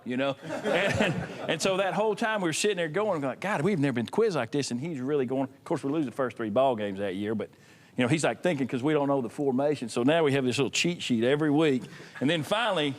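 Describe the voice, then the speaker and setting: A man's voice: medium pitch, fast. A former college football offensive lineman telling funny stories about his old coach at a players' reunion. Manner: animated, laughing anecdotes. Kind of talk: casual reunion storytelling.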